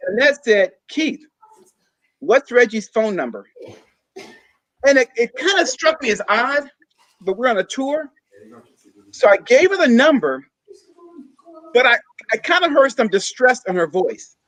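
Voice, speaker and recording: High voiced guy telling his story slow and halting, dead dry sound. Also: sing-song, a bit bright, no room sound, low-quality recording. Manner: halting, with frequent pauses and fillers. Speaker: guest sharing a personal story. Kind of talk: personal storytelling.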